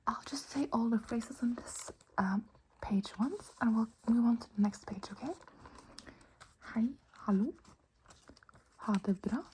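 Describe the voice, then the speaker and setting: A woman whispers an ASMR lesson very close to the microphone. Her voice is soft and mellow, and she patiently repeats each word at an unhurried, slow pace. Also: on the high side, slight background noise. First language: Norwegian. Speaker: language teacher.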